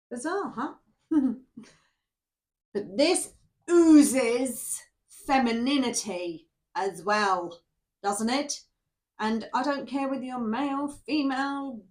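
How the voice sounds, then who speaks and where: Chatty tarot reader woman, higher voice. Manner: chatty and rambling, often asking "yeah?". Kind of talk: casual spoken tarot reading to camera.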